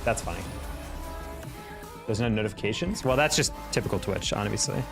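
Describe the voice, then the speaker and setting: Low-voiced young man streaming. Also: animated, a little fast, creaky, over music. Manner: chatty, reacts to gameplay and reads chat aloud. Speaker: game streamer. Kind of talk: casual live-stream chat while gaming.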